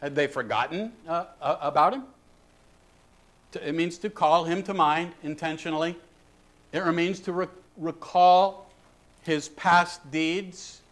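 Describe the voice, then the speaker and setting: Emphatic male preacher, fairly high voice. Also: measured pace, fairly bright tone. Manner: emphatic, rising to exhortation. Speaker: pastor. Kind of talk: sermon.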